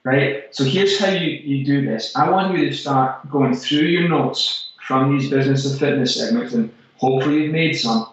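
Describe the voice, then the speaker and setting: Repeating key phrases to drive his point home, a Scottish segment regular gives a forceful motivational talk about running a fitness business. He speaks in a mid-range voice at normal speed with hardly any pauses, recorded in a very echoey, dull-sounding room that makes him seem distant.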